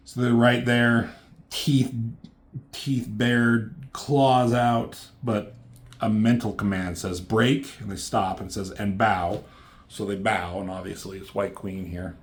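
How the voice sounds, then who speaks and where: A man's voice: on the low side, fairly even intonation, measured pace. Casual man recapping a comic. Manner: loose and profane, quotes characters in a slightly raised voice. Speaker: comic book reviewer.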